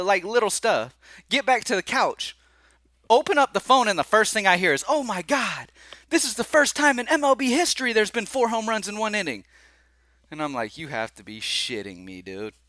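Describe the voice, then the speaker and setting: A man's voice: fairly high pitch, bright, forceful tone, no room sound. A man hosting a sports betting picks channel, talking casually and rambling with lots of fillers. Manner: laid-back, chatty, rambling with fillers and y'all. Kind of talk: casual vlog-style talk to camera.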